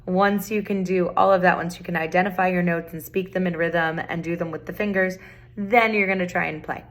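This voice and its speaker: Middle-aged woman, music teacher, slightly low voice, patient, chants rhythms in a recorder lesson. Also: fairly even intonation, a little fast. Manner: patient, repeats key points, counts and chants rhythms. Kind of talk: recorder tutorial.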